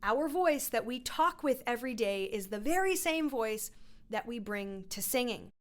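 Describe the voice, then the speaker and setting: A woman's voice: fairly high pitch, lively intonation, normal speed. A woman vocal coach teaching a voice lesson in a playful, encouraging way. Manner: instructive.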